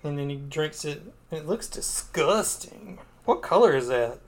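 A man's voice: on the high side, animated, a little slow. A man co-hosting a podcast, casually retelling a comic book story. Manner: casual, filler-heavy, playful. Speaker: podcast co-host.

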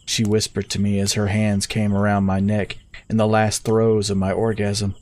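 A man telling a story in the first person with steady, measured scripted narration. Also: on the low side.

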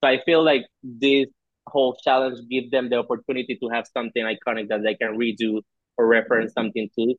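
A man with a mid-range voice chats as a podcast guest, animated and quick to act out his reactions. His mic sounds a little dull and dry, as if he is calling in remotely. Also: medium pitch, no echo. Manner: chatty, animated, with acted-out reactions. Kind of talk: casual chat.

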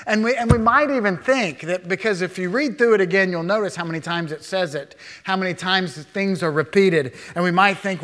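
A man preaching a sermon as a pastor, animated, with rhetorical questions to the congregation and quick asides acting out imagined speakers. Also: sits high. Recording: long hall reverb.

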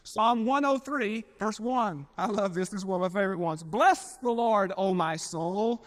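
A male pastor delivers a sermon in a fairly high-pitched voice. He preaches emphatically, slows down to stretch out key words and swells loud, then drops into folksy asides. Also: animated. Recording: archival 1992 sermon recording.

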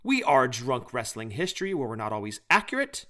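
A man's voice: medium pitch, very animated, fairly quick, sharp tone. A man co-hosting a podcast, chatting casually and doing enthusiastic, joking plugs for other shows. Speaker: podcast co-host.

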